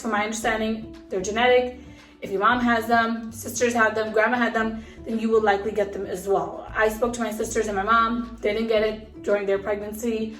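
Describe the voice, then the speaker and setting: A woman's voice: a little high, fairly bright tone, roomy sound, recorded from a distance. A pregnant young woman vlogging casually into her phone, chatty and upbeat with lots of fillers, a little out of breath. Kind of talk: casual chat to a phone camera. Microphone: phone camera.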